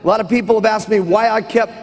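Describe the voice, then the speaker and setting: Very high-voiced guy pumping up a crowd, emphatic, keeps saying okay, long echo in a big hall. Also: fairly even intonation, quick pace, gravelly. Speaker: business trainer. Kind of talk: motivational seminar speech.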